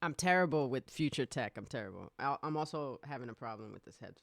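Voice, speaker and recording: A podcast host in their forties, chatting excitably on a live stream, rambling, laughing often and swearing freely. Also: medium pitch, fast, vocal fry, no room sound, studio quality.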